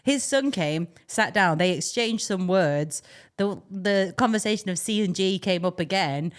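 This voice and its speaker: A woman co-hosting a podcast, chatting in a lively way and giggling as she chimes in. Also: mid-range voice, measured pace. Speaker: podcast co-host. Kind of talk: casual chat.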